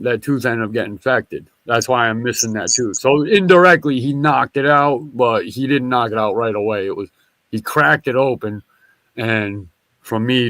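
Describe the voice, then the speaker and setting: A man tells a wandering story in a casual chat, swearing freely and stopping to restart his sentences. His voice sits at a medium pitch, and the recording is dry and close to the mic. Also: no room sound. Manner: rambling, profane, animated storytelling; restarts and backtracks often.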